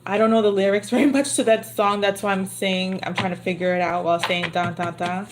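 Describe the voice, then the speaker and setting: A woman's voice: mid-range voice, fairly even intonation, fairly quick, a little hiss or hum. Chatty woman reading tarot on a livestream. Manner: chatty, murmurs to herself, repeats phrases. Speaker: tarot reader. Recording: card shuffling clearly audible.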